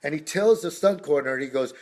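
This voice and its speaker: Middle-aged man, casual storytelling, rambling, greets people mid-story, slightly high voice. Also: lively intonation, fast, a little mellow. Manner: rambling, breaks off to greet passersby. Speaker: guest speaker.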